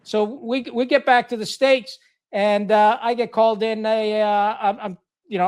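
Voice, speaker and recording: A middle-aged man, a retired military officer, telling a long story in a podcast interview in a blunt, profane, animated way. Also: sits high, normal speed, clean tone.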